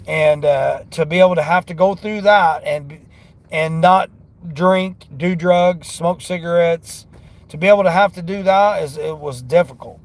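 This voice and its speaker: Brief: gravelly, slightly high-voiced man, rambling motivational talk from his car. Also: measured pace. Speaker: delivery driver vlogger. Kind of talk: casual talk while driving.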